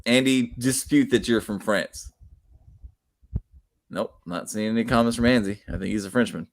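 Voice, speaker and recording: A man's voice: lowish voice, moderate pace. A man hosting a wrestling live stream, chatting casually with crude, teasing banter.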